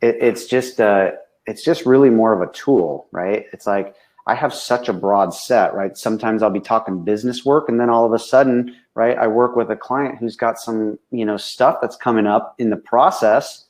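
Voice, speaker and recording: A man's voice: fairly low pitch, moderate pace, darkish tone. A man, a business coach, speaking frankly and with animation in casual conversation, tagging nearly every sentence with a questioning "right?".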